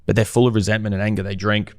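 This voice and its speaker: A man's voice: lowish voice, little pitch movement, rapid-fire, darkish tone, no echo, clean studio sound. A man speaking as a guest on a podcast, talking reflectively and posing rhetorical questions in a casual conversation.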